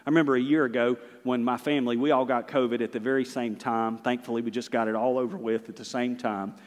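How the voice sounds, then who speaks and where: A middle-aged man, a pastor preaching a sermon, swinging between loud and hushed delivery. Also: medium pitch, animated, brisk, hardly any pauses, big-room sound.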